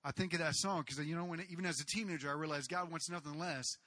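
A male pastor preaching with a high, very bright voice. He tells the story casually and animatedly, with asides to the congregation and sudden shouted outbursts. The sound is close and dry. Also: quick pace, dry recording. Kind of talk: sermon.

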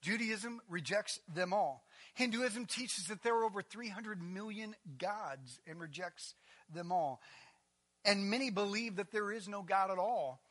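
A man preaching with a high, bright voice. He builds his points with rhetorical questions and then falls to a near hush, sometimes stumbling over repeated words as he drives on. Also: a little slow. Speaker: pastor. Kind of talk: sermon.

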